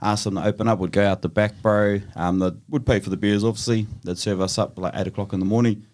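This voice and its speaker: A man's voice: fairly low pitch, steady tone, fast talker, a little mellow. A man telling rambling, laughing anecdotes in casual podcast chat, calling everyone "bro". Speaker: podcast guest.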